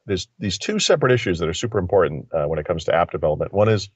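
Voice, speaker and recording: A man's voice: low-pitched, very animated, very fast, breathy edge, no room sound. A man talking tech in casual chat, rambling and thinking aloud with lots of fillers, calling in by phone. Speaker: tech commentator. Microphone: phone line. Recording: dull lo-fi phone audio.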